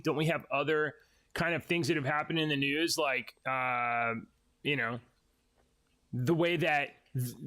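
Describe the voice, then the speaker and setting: A man's voice: a little high, fairly bright tone. A man co-hosting a casual podcast chat, hedging and arguing his points with many restarts. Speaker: podcast co-host.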